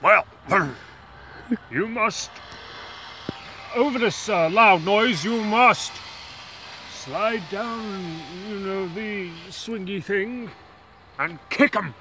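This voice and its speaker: A man's voice: sits high, drawn-out words, pauses often, sharp tone, full character voice. A man playing a rambling quartermaster in an amateur spoof film, giving orders in an offhand, rambling way. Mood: bossy. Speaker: amateur filmmaker. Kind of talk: amateur comedy film acting. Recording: outdoor noise behind.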